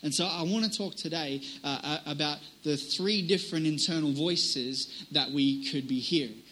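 A man's voice: on the high side, normal speed, fairly bright tone, rough recording. A male pastor preaching a casual, conversational sermon, often restarting phrases and checking in with "right?".

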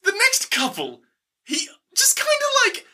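A young man co-hosting a casual film-recap podcast. He talks in an animated, jokey way with lots of fillers. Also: very high-pitched, a little slow. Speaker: podcast co-host.

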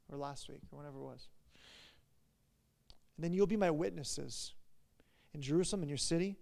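A young man with a high-pitched voice and a gravelly rasp delivers a relaxed sermon. He talks like he's chatting with friends, full of asides and quick self-corrections. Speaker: pastor. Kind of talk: casual sermon.

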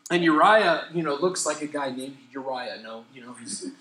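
Lively, bright-voiced male pastor. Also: fairly high pitch, normal speed, echoey room, rough recording. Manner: animated, laughing storyteller acting out quotes. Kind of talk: storytelling sermon.

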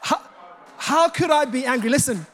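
A man's voice: very high voice, moderate pace. A man preaching a sermon, telling jokey stories and acting out the dialogue in them. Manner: animated storytelling, acting out quoted dialogue; jokey and self-mocking.

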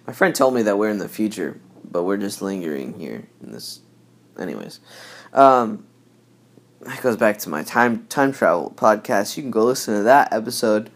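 A man's voice: mid-range voice, animated, normal speed. A man hosting a podcast in a rambling, laid-back monologue, often correcting himself. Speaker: podcast host.

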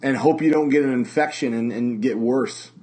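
A man's voice: medium pitch, normal speed, mellow. A man who hosts a podcast and sings metal, talking casually in a rambling, profane way with many fillers and restarts. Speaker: podcast host and metal vocalist. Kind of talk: casual conversation. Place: lives in Las Vegas.

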